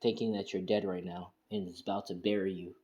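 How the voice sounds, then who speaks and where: Man telling of Kurama the gruff fox spirit. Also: sits low, flat delivery, brisk, darkish tone, lo-fi sound, pitched below the performer's own voice, lightly acted. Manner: casual, plain retelling. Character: huge fox spirit, male, gruff and wary.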